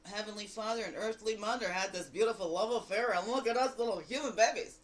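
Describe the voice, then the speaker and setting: A woman giving a daily spiritual card reading in a lively, exclamatory way, full of rhetorical questions and repeated phrases. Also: quick pace, hardly any pauses, rough recording. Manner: animated, jumping between loud bursts and low asides. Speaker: spiritual guide.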